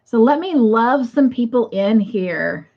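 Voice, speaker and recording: A woman's voice: a little high, lively intonation, slow. A woman hosting a casual livestream, chatting with many fillers and greeting viewers by reading their comments aloud. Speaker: livestream host. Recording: muffled lo-fi livestream audio.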